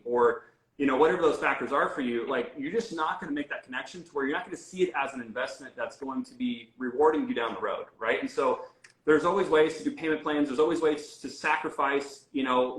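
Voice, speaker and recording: A man's voice: medium pitch, a bit bright. Man talking casually in an echoey room. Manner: conversational, frequent fillers and restarts. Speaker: guest health coach. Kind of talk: casual interview talk.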